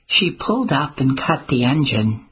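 A woman narrating a story in a steady, measured way, with small slips now and then. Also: extremely low pitch, breathy edge, rough recording. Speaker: audiobook narrator. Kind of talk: scripted narration.

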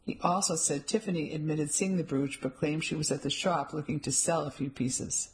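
A woman's voice: low voice, normal speed, lightly acted. Woman reading as a theatrical, wry woman friend, storybook dialogue.

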